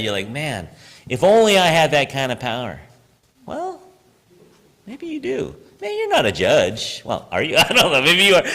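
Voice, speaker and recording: A man's voice: mid-range voice, a bit bright. A man preaching a casual, conversational sermon as pastor, chatty and self-deprecating, laughing often as he tells stories. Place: church sanctuary. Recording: long hall reverb.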